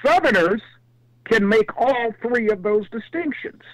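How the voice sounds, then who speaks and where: A high, lively male voice spins a folksy story and swoops up and down as he goes. The sound is dry and close, with no room around it. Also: unhurried, dry recording, low-quality recording. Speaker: call-in panelist. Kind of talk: casual storytelling.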